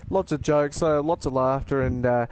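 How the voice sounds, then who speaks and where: A man's voice: medium pitch, normal speed, darkish tone. A man co-commentating on a sim racing league, laid back and chuckling through friendly banter.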